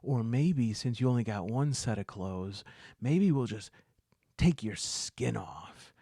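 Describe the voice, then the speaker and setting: A man's voice: medium pitch, expressive, takes it slowly, dark tone, husky, no room sound, studio quality, exaggerated voice. A man playing a blunt, menacing adventurer. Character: gruff male adventurer, impatient and threatening.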